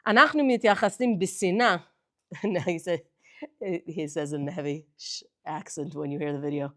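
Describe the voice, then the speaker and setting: A woman teaching a lively class, animated and emphatic, moving between languages in a synagogue hall. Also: deep voice, fast talker.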